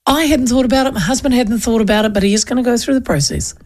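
A woman's voice: a little high, fast talker, darkish tone. A woman hosting a radio talk show, chatting casually and laughing often.

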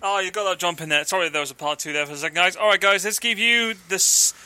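Brief: male stream host, high, very bright and sharp voice, casual banter with viewers. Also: fast talker, soft background music. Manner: casual, addresses viewers as guys.

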